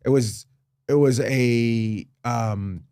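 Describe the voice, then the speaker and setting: A man's voice: medium pitch, very slow, mellow, smooth, no room sound, clean studio sound. A man from Canada, a comedian guest on a podcast, telling rambling anecdotes with restarts and a habit of asking "right?". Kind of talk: casual podcast storytelling.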